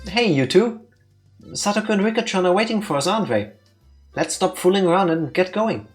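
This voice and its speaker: A man's voice: sits high, lively intonation, brisk, faint music behind, voice pushed up. A man voicing a cheerful, bossy teenage girl from a visual novel, reading her lines with a playful lift. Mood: teasing.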